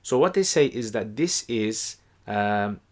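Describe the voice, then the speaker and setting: Here a man who teaches the Quran explains a passage informally, keeping the tone relaxed. Fillers and frequent pauses mark his slightly low-pitched speech, and he tends to start sentences over partway through.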